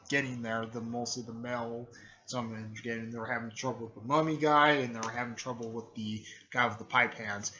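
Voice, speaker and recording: A man's voice: mid-range voice, pushed and bright. A young man casually narrating a fan story, rambling with many fillers and self-corrections. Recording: muffled lo-fi recording.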